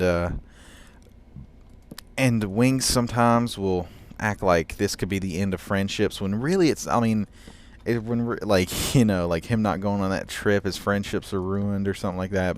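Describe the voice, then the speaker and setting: A man's voice: low voice, clean tone. A young man talking casually over his gameplay recording, rambling with many fillers and short laughs. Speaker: gaming YouTuber.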